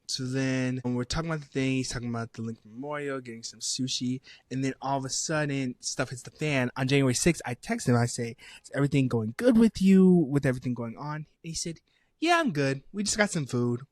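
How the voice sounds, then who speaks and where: A young man co-hosting a casual podcast, recounting a dating story in a rambling way and acting out both sides of the conversation. His voice sits at an ordinary middle pitch. The sound is dry and close, with no room around it. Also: a little fast, no echo. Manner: rambling, animated retelling with quoted dialogue. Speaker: podcast co-host.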